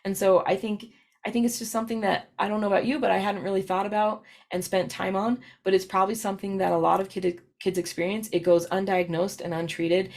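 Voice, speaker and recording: A woman's voice: medium pitch, flat delivery, fast talker, gravelly. A woman giving a recorded professional presentation, talking casually with many fillers and acting out quoted parents.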